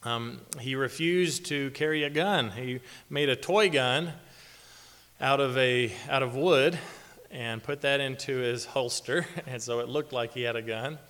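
A man's voice: mid-range voice, a bit bright. Man preaching in a reverberant hall. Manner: conversational, halting with fillers, chuckling often. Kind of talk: sermon.

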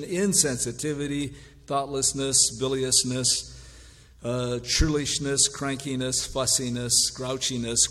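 A man preaching a sermon, reading word lists slowly and adding wry mock-gentle asides. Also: mid-range voice, big-room sound. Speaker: pastor.

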